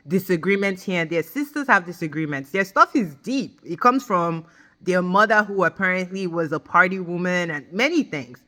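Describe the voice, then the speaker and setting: A woman giving a ranting recap of a reality show, emphatic and blunt, swearing freely and talking straight to her viewers. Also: fairly low pitch. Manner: emphatic, animated, addresses viewers directly. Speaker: reality TV reviewer.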